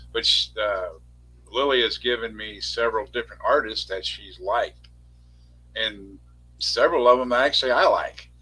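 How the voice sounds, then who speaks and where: A man's voice: fairly low pitch, bright, forceful tone, slightly rough, rough recording. A middle-aged man in casual livestream chat, rambling and correcting himself as he talks. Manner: rambling, self-correcting storyteller.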